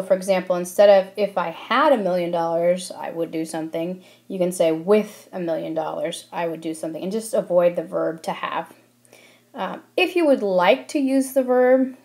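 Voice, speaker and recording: A woman's voice: mid-range voice, darkish tone. A woman explaining Spanish grammar over slides in a friendly way, with frequent ums. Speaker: Spanish teacher. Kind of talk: classroom lesson narration over slides.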